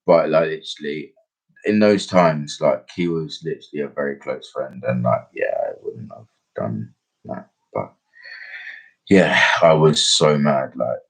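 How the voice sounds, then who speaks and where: A young man tells a personal story in loose, slangy chat. He keeps circling back on himself with fillers and restarts. His voice sits low and slightly husky. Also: unhurried. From England. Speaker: podcast host. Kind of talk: casual storytelling.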